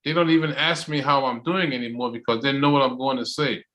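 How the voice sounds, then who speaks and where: Loud, bright, enthusiastic male host. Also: medium pitch, fairly even intonation, fast talker. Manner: loud and enthusiastic, stretches phrases out for emphasis. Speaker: host of an online English chat club. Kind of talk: motivational casual talk. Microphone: video call.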